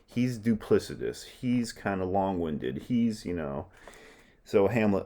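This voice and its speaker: Deep-voiced man explaining a play casually. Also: animated, takes it slowly, mellow. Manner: casual, explains in asides with many "you know"s. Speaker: literature teacher. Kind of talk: lecture on a play.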